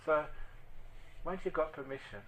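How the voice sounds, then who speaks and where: A man giving a storytelling dharma talk as a monk, speaking gently and dropping to a near whisper at tender moments. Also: a little high, normal speed, a little hiss or hum, low-quality recording. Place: meditation group hall.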